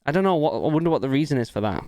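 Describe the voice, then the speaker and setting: A man's voice: on the high side, very animated, racing, dark tone. A young man hosting a reaction video, chatting casually and musing aloud with filler words.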